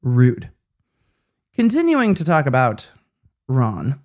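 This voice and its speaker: A woman's voice: low voice, lively intonation, fairly quick, darkish tone. A woman hosting casual legal commentary in a wry, sarcastic way.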